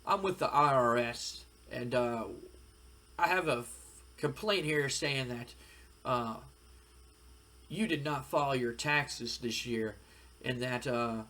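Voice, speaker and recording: A man voicing a stiff, officious tax agent speaking slowly. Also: medium pitch, pushed and bright.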